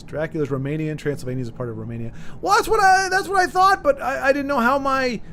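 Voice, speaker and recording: A man's voice: a little high, a little hiss or hum. A man streaming live, chatting casually and rambling while he reads out viewer comments, with frequent restarts and chuckles.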